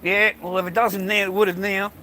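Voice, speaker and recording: A man's voice: high-pitched, flat delivery, brisk, sharp tone, slight background noise. An older Australian man vlogging, rambling in a profane, ranting way and calling the viewer mate. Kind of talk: rambling casual monologue to camera.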